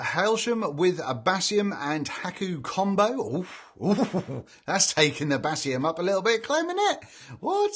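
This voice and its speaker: A cheerful British man hosting a live stream, reading out viewers' names and greetings in a relaxed, chatty way. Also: a little high. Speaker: livestream host reading chat. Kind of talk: casual live chat.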